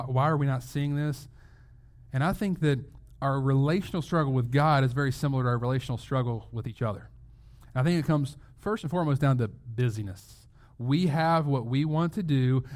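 A man's voice: medium pitch, darkish tone. A male pastor giving a sermon in a conversational way, asking rhetorical questions and restarting phrases as he goes.

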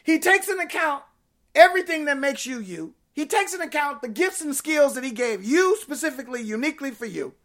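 A woman preaching a sermon, repeating phrases in a rhythmic build, rising to shouts and then dropping to hushed tones. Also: high-pitched, very animated, fairly quick.

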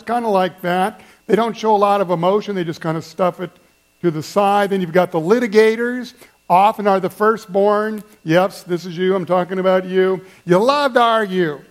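A man preaching a sermon as pastor, conversational and playful, speaking directly to his congregation. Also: high-pitched. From German family background.

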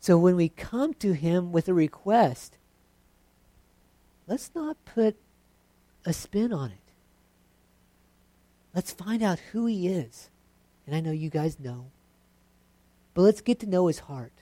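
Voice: medium pitch, big pitch swings, slow, long pauses, dark tone, no echo. A preacher giving a sermon in a conversational, self-deprecating way.

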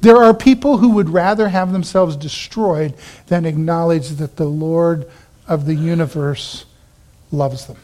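A man pastor preaching a sermon, animated, acting out the Bible characters in quick asides. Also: fairly high pitch.

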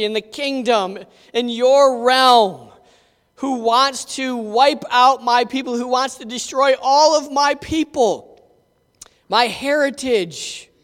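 A dignified queen pleading before the king, put on by a man preacher, earnest and solemn in a high, clear voice. Her lines ring out in a reverberant hall. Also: fairly bright tone, heavily acted.

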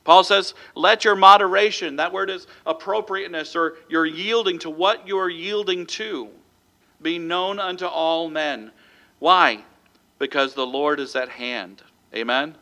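Speaking a little slowly in a highish, pushed, bright voice, a man delivers a sermon as pastor. He reads scripture, divides it into numbered points, and calls out "amen?" to his congregation.

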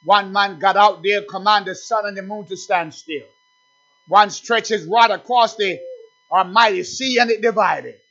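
A male pastor delivers a fervent sermon in a high, bright voice. He swings from loud, shouted declarations to low, murmured asides. The recording is dull and lo-fi. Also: measured pace.

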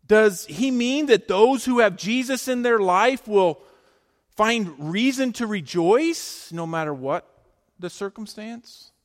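A male pastor preaching a sermon, emphatic, swinging between loud declarations and hushed lines. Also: sits high, lively intonation, slow pace, big-room sound.

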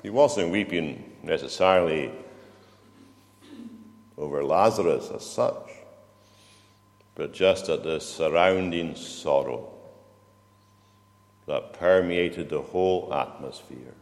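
Slow deep-voiced man preaching in a hall. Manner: slow, reflective, asks the congregation questions. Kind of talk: sermon. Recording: long reverb of a church hall.

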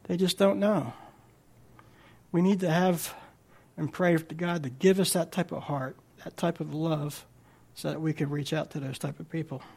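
A man's voice: fairly high pitch, steady tone, moderate pace, creaky, a little mellow, breathy edge. A man preaching a sermon as a guest speaker, talking in a conversational way with frequent restarts.

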